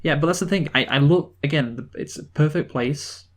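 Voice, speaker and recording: A man's voice: a little high, background noise. Enthusiastic rambling man reviewing a film. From North of England. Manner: enthusiastic, rambling, halting restarts. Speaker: film review podcast co-host. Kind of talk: casual film discussion.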